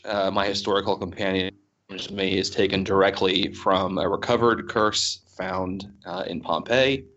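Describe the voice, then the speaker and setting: A man's voice: lowish voice, a bit bright, muffled recording. A man co-hosting a casual podcast about a TV series, talking in a rambling, wry way and trailing off mid-thought. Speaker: podcast co-host.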